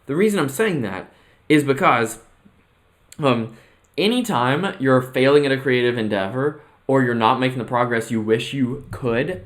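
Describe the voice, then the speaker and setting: A man coaching on mental health in a motivational vlog monologue. He talks earnestly and keeps checking in with "right?" and "okay?". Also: mid-range voice. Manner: mixes personal anecdotes with an extended analogy. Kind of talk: motivational self-reflection monologue.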